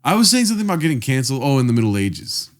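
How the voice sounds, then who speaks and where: Crude, joking podcast host. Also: male voice, medium pitch, very animated, racing. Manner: crude, joking, rambling storyteller. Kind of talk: casual chat.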